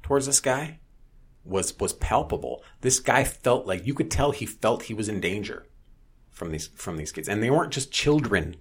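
Deep-voiced man, husky, swinging pitch; blunt profane talk-show storyteller. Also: animated, normal speed. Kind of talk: casual chat, storytelling.

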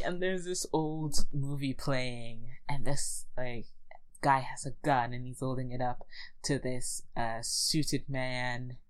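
A woman's voice: extremely low pitch, fairly even intonation, slow, clean tone, rough recording. A woman in casual podcast chat, recapping a movie plot with wry, laughing asides. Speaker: podcast co-host.

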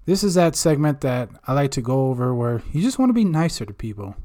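A podcast host with a warm, medium-pitched voice talks briskly and very animatedly during his segment. He rambles casually, pokes fun at himself, and swears constantly.

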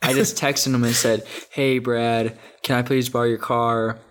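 A man's voice: mid-range voice, level tone, unhurried. A young man telling a funny story in casual chat, laughing often and filling his talk with "like" and "dude".

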